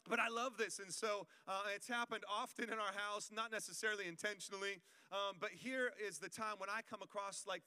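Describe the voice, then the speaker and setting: A man's voice: sits high, pushed and bright, smooth. A male pastor preaching a sermon in a conversational, joking way, calling out to the congregation. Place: church auditorium. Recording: long reverb of a church hall.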